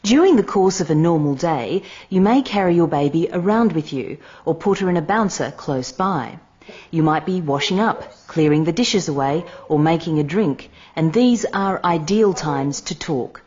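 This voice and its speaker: Low, mellow woman narrating. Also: dull audio. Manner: calm, measured, explanatory. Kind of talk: scripted instructional narration.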